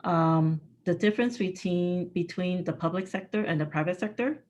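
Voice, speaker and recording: A woman's voice: fairly low pitch, normal speed, darkish tone. A woman executive answering interview questions candidly, blunt and emphatic, laughing often. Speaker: guest speaker, executive.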